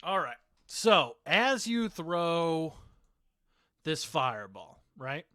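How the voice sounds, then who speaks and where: A man runs a tabletop game, taking his time with the narration and pausing on fillers. His voice comes through smooth and resonant, recorded close and dry with no room sound. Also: a little high, big pitch swings, pushed and bright, dry recording. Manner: unhurried, filler-heavy narration. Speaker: game master.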